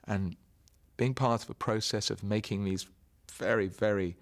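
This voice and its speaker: Thoughtful man, low-pitched. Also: fairly even intonation. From Britain. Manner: thoughtful, measured, explanatory. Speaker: actor. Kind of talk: interview answers.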